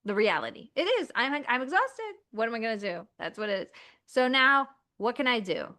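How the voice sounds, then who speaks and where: A woman talking casually as a podcast guest, acting out inner voices in lively asides. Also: fairly high pitch, fairly quick.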